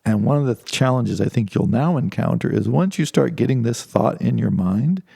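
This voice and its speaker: A man's voice: mid-range voice, lively intonation, normal speed, vocal fry, warm tone, breathy edge, no room sound, studio quality. A man giving an informal philosophy lecture, talking conversationally with many restarts and asides.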